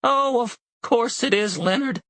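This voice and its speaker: A man voicing a frail elderly mother who is flustered and confused, exclaiming in a shrill, fretful voice. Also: a little slow, a bit bright, no echo.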